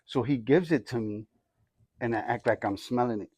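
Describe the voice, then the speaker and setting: Animated forty-something man telling a story. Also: medium pitch, moderate pace, slightly rough, dry recording. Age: 40s. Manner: animated storyteller, acts out the voices of people in his story; streetwise slang. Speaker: guest sharing his testimony. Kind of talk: casual storytelling.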